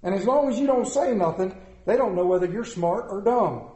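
A man's voice: high voice, animated, a little fast, warm tone. A man doing a folksy old country fellow. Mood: sly. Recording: roomy echoing hall.

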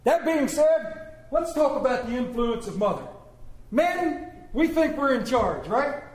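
A man's voice: very high-pitched, very animated, measured pace, echoey room. A man preaching a sermon, telling stories with humor and calling for responses. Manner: storytelling with humor, call and response. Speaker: pastor.

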